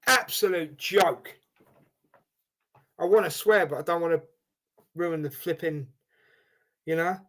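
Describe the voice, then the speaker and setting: A man hosting a live football watchalong, reacting with animated exasperation and calling everyone "mate". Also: on the high side, slow pace, long pauses. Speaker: watchalong host.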